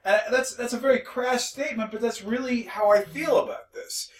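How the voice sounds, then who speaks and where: A man's voice: very high voice, moderate pace, recorded from a distance, low-quality recording. A male instructor giving a recorded lecture, conversational and mildly sarcastic, with frequent restarts.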